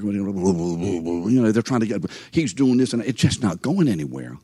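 A man's voice: lowish voice, big pitch swings, measured pace, hardly any pauses, warm tone, husky, no echo. An older man giving a sermon as a story, chatty and conversational, speaking straight to his listeners. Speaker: preacher.

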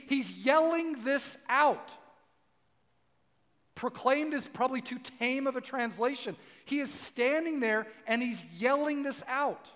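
A man preaching a casual sermon, chatting with his congregation and acting out quotes, rising to shouts for emphasis. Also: extremely high pitch, a little slow, long reverb tail. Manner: conversational, acts out quotes, rises to shouting for emphasis. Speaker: pastor.

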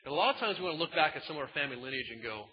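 A man preaching with a slightly high voice, swinging from loud emphatic bursts to quiet asides in a casual, folksy way. His voice carries a long reverb from a large hall. The sound is somewhat muffled and dull. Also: lively intonation, rapid-fire. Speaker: pastor. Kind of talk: sermon.

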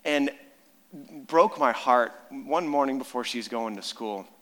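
A man in his thirties preaching a sermon, telling stories in an animated way and rising to loud emphasis. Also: medium pitch, a little slow. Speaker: pastor. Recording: long reverb of a large hall.

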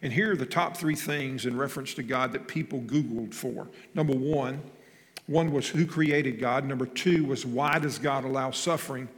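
A man preaching a sermon, swinging from loud emphasis to hushed tones and asking the congregation questions, recorded in a church sanctuary. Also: medium pitch, normal speed. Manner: asks the congregation questions and has them repeat phrases. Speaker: pastor. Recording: long hall reverb.

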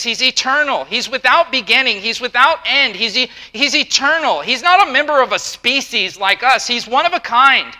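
A middle-aged man preaching a sermon, emphatic and repeating himself, with quick acted-out asides. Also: very high-pitched, pushed and bright, rough recording. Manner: emphatic, repeats words, acts out quotes. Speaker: pastor.

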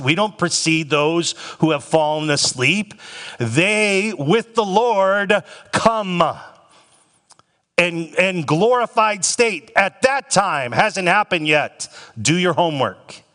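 A male pastor delivers a sermon with emphasis, slowing down to lean on each phrase of scripture. His voice sits a bit high for a man and comes across bright and forceful. A long hall reverb trails behind every line.

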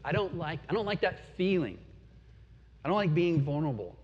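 An earnest pastor in his forties delivers a sermon briskly in a high, sing-song voice with a breathy edge, his intensity rising and dropping. The audio is muffled and carries a lengthy hall echo.

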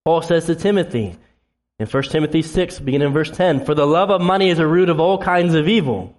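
A man preaching an impassioned sermon in a church sanctuary. His voice sits a little high for a man. He swings between loud, emphatic stretches and low, intense passages. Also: fairly quick. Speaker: pastor.

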